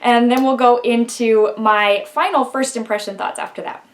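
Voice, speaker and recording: A middle-aged woman chatting casually through a makeup tutorial, laughing often and filling pauses with "um" and "like.". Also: a little high, fairly even intonation. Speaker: beauty vlogger.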